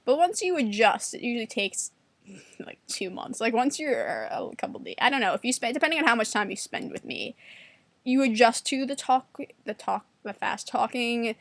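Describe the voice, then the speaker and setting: A woman in her twenties from New York, talking fast and bluntly to camera in a casual, sarcastic monologue. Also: lively intonation, dry recording. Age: 20s. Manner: acts out quotes in a higher voice. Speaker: vlogger.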